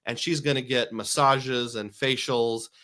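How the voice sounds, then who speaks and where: Middle-aged male streamer, chatty and rambling, bright voice. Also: medium pitch, fairly even intonation, a little slow. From Iowa. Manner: chatty, rambling, answers viewer questions. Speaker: live stream host. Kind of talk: casual live-stream chat.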